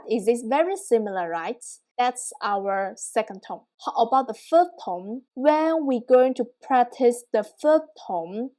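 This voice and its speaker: Woman, young adult, online lesson, unhurried, checks understanding, higher-pitched. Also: a little mellow. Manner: slow, patient, checks in with "yeah?". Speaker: Mandarin teacher.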